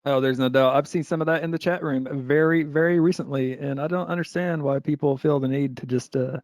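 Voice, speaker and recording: Podcast host guy, easygoing, trails off and hedges, bit higher voice, dry sound. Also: fairly even intonation, fairly quick, darkish tone, no room sound. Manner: hesitant, easygoing, lots of backchannel. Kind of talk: casual interview chat.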